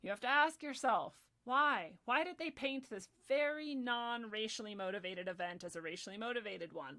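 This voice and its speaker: A young woman giving heated personal commentary, swearing often and swinging between loud ranting and soft, quiet asides. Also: on the high side. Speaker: video commentator.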